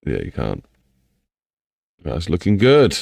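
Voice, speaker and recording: Low gravelly English man live-streaming. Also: huge pitch swings, slow pace, a little mellow, dry recording. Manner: rambling, chatty, talks to himself and to chat. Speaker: livestreamer building a game map. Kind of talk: casual live-stream chat.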